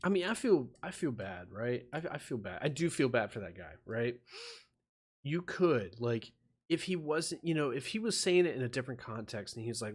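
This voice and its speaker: A man's voice: mid-range voice, lively intonation, moderate pace. Man, live streamer, feverish, rambling, swearing a lot, laughing often.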